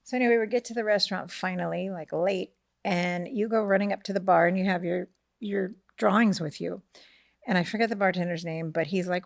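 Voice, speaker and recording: A middle-aged woman telling a family story in casual podcast chat, animated, acting out the voices of the people in it and often asking "right?". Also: medium pitch, a little fast, gravelly, no echo, studio quality. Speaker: podcast co-host, mother of the host.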